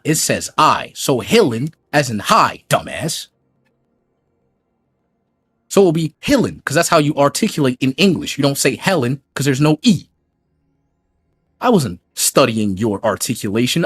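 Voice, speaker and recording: A man answers a critic in a mocking, combative rant. His husky voice jumps all over the place, from low mutters to high jeers. The sound is dry and close, with faint music underneath. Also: sing-song, normal speed, no room sound. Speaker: YouTube gaming commentator. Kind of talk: reaction rant.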